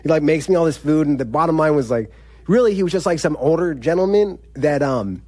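A man's voice: on the high side, expressive, brisk, a little mellow, dry recording. A man, telling a personal story in a casual, rambling way, full of fillers and laughs. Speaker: incarcerated storyteller.

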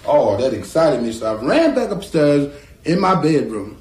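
A man from North Carolina, a guitarist telling a folksy story in an animated way, acting out the voices in it and chuckling often. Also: a little high, normal speed. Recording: roomy echo.

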